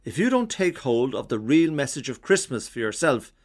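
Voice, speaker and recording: A man's voice: mid-range voice, sing-song, moderate pace. A man, telling wry everyday stories in a devotional talk. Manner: wry, anecdotal. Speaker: speaker giving a seasonal reflection.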